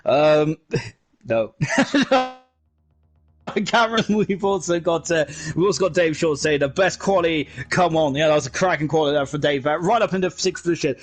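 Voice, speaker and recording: A man commentating a sim racing league live, excitable and chatty, shouting at the big moments. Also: on the high side, normal speed. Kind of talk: live esports race commentary.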